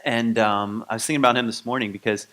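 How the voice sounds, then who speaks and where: A man from Michigan giving a conversational sermon to his spiritual community, relaxed and rambling with many ums and restarts. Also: mid-range voice, quick pace. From Grand Rapids, Michigan.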